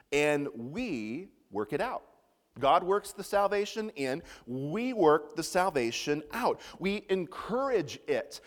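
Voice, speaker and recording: A male pastor delivers an expressive sermon, reading scripture and posing rhetorical questions. His voice sits a little high and moves with animated swings in pitch. The sound carries a long reverb, like a large church hall.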